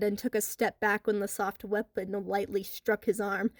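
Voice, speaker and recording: A woman narrating a horror story in a lively, expressive way with a wry edge. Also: medium pitch, moderate pace, hardly any pauses, dry recording, clean studio sound.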